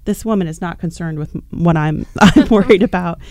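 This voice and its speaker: A woman on a podcast telling an animated, chatty story, with plenty of fillers. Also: fairly low pitch, a little fast. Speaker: podcast guest.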